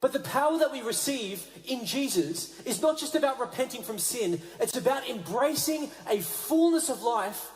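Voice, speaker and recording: A man, a Catholic priest, giving an energetic talk at a youth rally in a large conference hall. He drops low and quiet for emphasis. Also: moderate pace, few pauses, soft background music.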